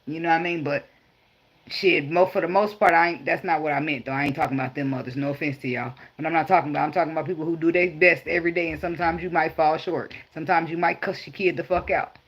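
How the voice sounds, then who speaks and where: A woman's voice: low-pitched, fast, husky, lo-fi sound. Blunt, profane woman giving tarot advice. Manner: blunt, profane, laughing, animated storytelling. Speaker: tarot reader. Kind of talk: casual spiritual advice vlog.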